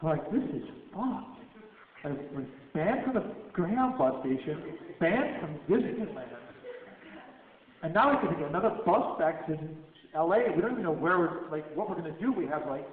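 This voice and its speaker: A man tells a story to a live audience and acts out each exchange in lively voices. His voice sits high for a man. The sound is thin and phone-like, with heavy room echo and a long reverb tail. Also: moderate pace. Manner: animated storyteller acting out dialogue. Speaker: speaker at a Q&A. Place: skate shop. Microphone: cell phone from the audience. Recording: tinny phone recording in an echoey room.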